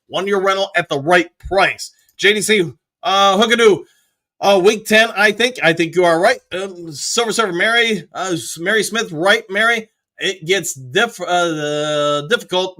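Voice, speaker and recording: Man, host of a live stream, high and bright, quick upbeat chat shout-outs. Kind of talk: casual live chat reading.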